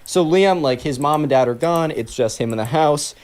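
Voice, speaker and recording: A man's voice: on the high side, normal speed, a little mellow. A man telling a story in a casual, rambling way, full of filler words, while he plays a game. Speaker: gaming channel host.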